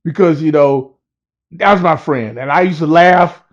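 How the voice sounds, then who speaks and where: A man's voice: on the high side, normal speed, dull audio. A man telling a story in a loose, rambling, profane way, chuckling as he goes. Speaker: storyteller vlogger.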